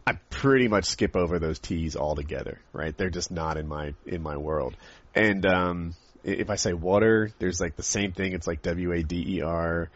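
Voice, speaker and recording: A man with a general American accent chatting casually as a podcast co-host, excitable and quick to burst into surprise. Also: low-pitched, dry recording. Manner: excitable, jumps to loud surprise. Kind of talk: casual chat. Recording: dull lo-fi dry recording.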